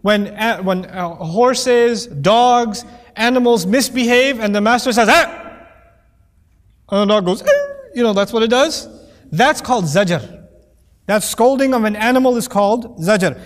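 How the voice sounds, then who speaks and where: A man's voice: sits high, normal speed. A man giving a conversational Quran commentary lesson, joking and acting out quoted voices. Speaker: Quran teacher. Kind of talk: lecture-style Quran commentary. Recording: long hall reverb.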